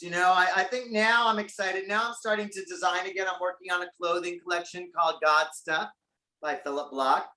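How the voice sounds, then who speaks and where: A man's voice: sits high, fairly even intonation, brisk, sharp tone, echoey room. A man as a guest on a talk show, chatting casually and animatedly about his career. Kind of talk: casual interview chat.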